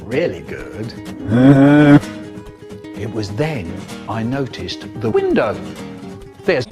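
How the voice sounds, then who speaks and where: A man telling comic stories in a playful, animated way, breaking into sound effects and squeals. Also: mid-range voice. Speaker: storyteller. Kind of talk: comic storytelling, chopped into a remix.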